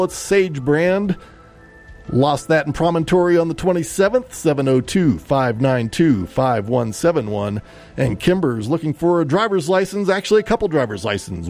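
A man hosting a local radio music show, chatting and reading out announcements, with phone numbers read slowly. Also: a little high, a little mellow. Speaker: radio host. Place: radio studio.

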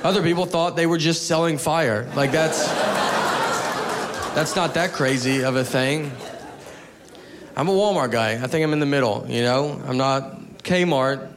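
A man's voice: on the high side, measured pace, a crowd in the background. A man doing a rambling, offhand, self-mocking stand-up bit. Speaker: stand-up comedian.

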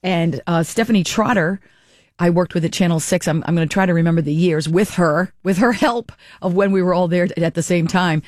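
A woman's voice: on the low side, brisk, darkish tone, dry recording, studio quality. A middle-aged woman hosting a radio talk show, chatting casually and rambling with fillers and restarts.

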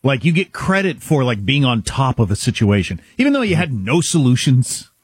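A man co-hosting a talk radio show, telling wry, mocking stories in a husky voice. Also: mid-range voice, very animated, normal speed, dry recording. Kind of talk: casual banter on talk radio. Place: radio studio. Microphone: studio mic.

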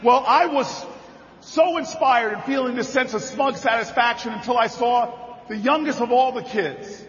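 Man, middle-aged, senator at a podium, very high strained voice, long hall echo, dull sound. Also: normal speed, a little hiss or hum. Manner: repeats phrases, builds to shouted climaxes. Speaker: senator giving a convention speech. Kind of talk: rousing political speech. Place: large convention hall, indoors.

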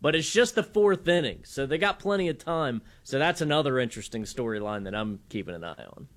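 A man's voice: mid-range voice, expressive, brisk. A man co-hosting sports talk radio and giving upbeat, emphatic score updates.

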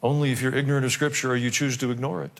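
A man's voice: medium pitch, little pitch movement, very fast. A male pastor preaching a sermon, dropping wry asides and acting out quoted voices. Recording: long reverb of a large hall.

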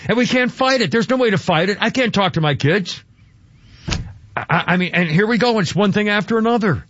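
An older man on talk radio with a high-pitched voice, rambling through his opinions with constant fillers and restarts. His tone is agitated. The sound is dull and close, with no room echo. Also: animated, brisk, fairly bright tone. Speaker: radio talk show host.

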